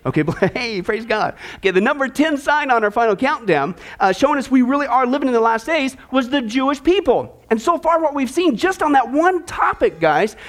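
A male pastor delivering a sermon in a very high voice. He is joking and conversational, and he keeps asking the crowd questions as he goes. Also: lively intonation, fairly quick, hardly any pauses, a bit bright.

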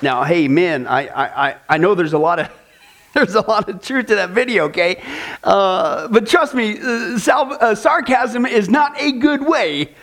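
A man's voice: high-pitched, animated, measured pace, a bit bright, a faint crowd. A man preaching a sermon in an emphatic, conversational way, often stopping to say "listen" or "okay?". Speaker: pastor.

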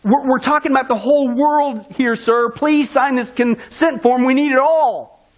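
A man's voice: extremely high pitch, normal speed. A preacher voicing a stammering male doctor. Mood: apologetic, urgent. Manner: stammering, hesitant.

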